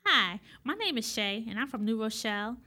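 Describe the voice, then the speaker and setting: An actress playing a puzzled young woman in a studio audience who asks questions in a lively way. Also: on the high side, normal speed.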